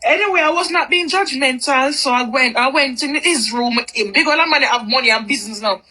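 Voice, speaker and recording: She spins a casual story in a high, bright voice that has a forward, sharp quality, staying lively and repeating phrases for emphasis. She speaks fairly quickly. The recording is low-quality, with slight background noise.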